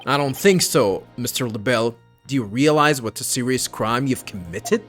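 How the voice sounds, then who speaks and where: Man voicing an earnest defense attorney, firm, accusing, lively pitch. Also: normal speed, faint music behind, lightly acted.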